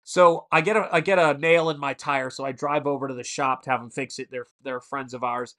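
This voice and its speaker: A man's voice: medium pitch, steady tone, a little fast, fairly bright tone. A man in his forties hosting a casual live stream, telling rambling stories and stopping to answer the chat. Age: 40s. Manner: rambling storyteller who answers chat mid-story.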